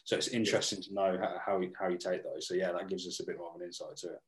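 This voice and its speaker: A man hosting a casual interview, talking in halting starts and restarts while he pays compliments. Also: low-pitched, steady tone. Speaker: podcast host. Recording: roomy echo.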